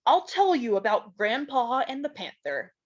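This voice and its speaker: A woman voicing a warm, playful pioneer father who tells his daughters stories by the fire, speaking in a gently teasing, fond way. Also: very high-pitched, sing-song, a little slow, muffled recording, exaggerated voice. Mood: storytelling.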